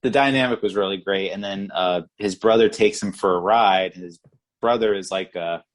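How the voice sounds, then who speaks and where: A man's voice: low-pitched, normal speed. A man co-hosting a podcast, chatting casually about a movie in a rambling way, with many restarts and "like". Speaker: podcast co-host. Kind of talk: casual movie review chat.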